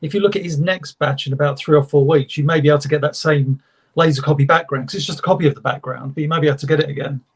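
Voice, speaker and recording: A man's voice: a little high, fairly even intonation, rapid-fire, husky. A man who is a guest on a casual podcast chat, making dry jokes. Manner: dry, joking.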